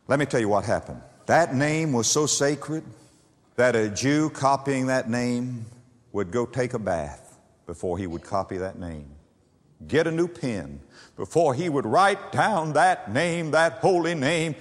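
Male preacher, dramatic sermon delivery, lively swooping voice, slightly high, long hall reverb. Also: moderate pace. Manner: dramatic, swooping pitch and volume, repeated phrases.

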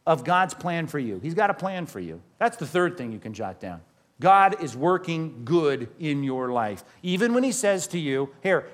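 A male pastor preaching a sermon, animated and emphatic, rising and falling as he drives points home. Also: high voice.

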